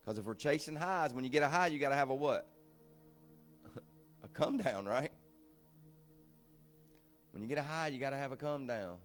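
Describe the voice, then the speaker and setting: A man pastor preaching informally to a recovery group, repeating himself and asking the room questions, dropping low and slow and then rising to shouts. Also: lively intonation, soft background music. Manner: swings from quiet and slow to loud and shouting.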